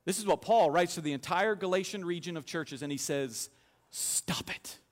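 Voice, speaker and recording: A man with a notably high voice delivers a sermon as pastor, telling lively stories and slipping in jokes. His voice rings out with a long hall reverb behind it. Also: a little fast. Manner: animated storytelling with humor.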